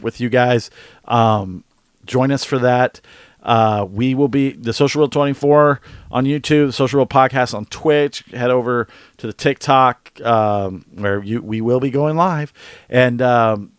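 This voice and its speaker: A man co-hosting a movie podcast, talking casually and excitedly, rambling and swearing a lot. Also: medium pitch, clean tone, dry recording. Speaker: podcast co-host. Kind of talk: casual movie review chat.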